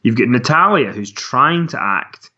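A man's voice: medium pitch, expressive, a little slow, pushed and bright. A man co-hosting a wrestling podcast in casual chat, rambling and self-mocking with frequent laughs. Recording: dull lo-fi sound.

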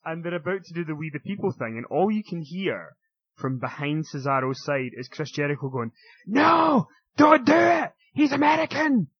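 A man co-hosting a relaxed chat, his voice sitting a little high and his laugh never far away. The sound is dry and close, though slightly muffled. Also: moderate pace, no echo. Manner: laughs often, mimics others in shrill voices. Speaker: podcast co-host. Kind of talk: casual wrestling chat.

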